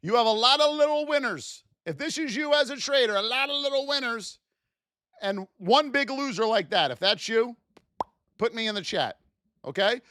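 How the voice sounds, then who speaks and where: A man's voice: very high-pitched, lively intonation, moderate pace, sharp tone, clear, resonant tone, no room sound, clean studio sound. A man teaching a live trading class, speaking animatedly to his chat and acting out traders' frustrated self-talk. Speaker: trading instructor.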